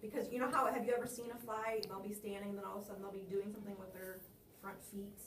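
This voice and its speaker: A woman's voice: mid-range voice, flat delivery, racing, echoey room, far from the mic, a little hiss or hum. A woman teacher coaching a student on reciting a poem, encouraging and asking guiding questions.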